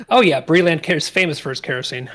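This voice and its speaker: Brief: slightly high male voice, relaxed wry group leader in gaming chat. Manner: relaxed, wry explanations with quick laughs.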